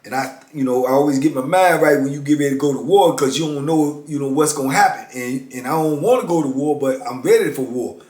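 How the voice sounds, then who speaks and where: A blunt, streetwise middle-aged man recounting a tense story, sitting a little higher in pitch than most men. He keeps looping back with casual asides, and his voice rings in an echoey room. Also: fast, few pauses, darkish tone. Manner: blunt, streetwise, repeats "you know what I'm saying". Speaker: former prisoner and motivational speaker.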